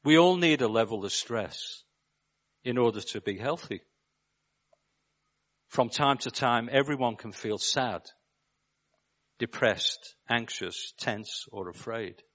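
A preacher from Liverpool with a Scouse accent, giving a measured sermon and putting rhetorical questions to his listeners. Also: medium pitch, lively intonation, a bit bright, highs cut off. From Liverpool, England.

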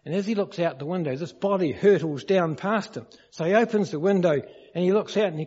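A man's voice: high voice, a little fast, darkish tone, slightly rough. A man preaching a sermon, explaining a verse and telling stories to illustrate it. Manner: storytelling, questions the congregation. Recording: dull lo-fi recording in a reverberant hall.

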